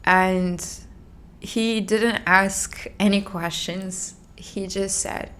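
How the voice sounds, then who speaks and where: Young woman telling a personal story, low voice, lots of fry, halting and emotional. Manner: halting, emotional recounting with restarts and soft sighs.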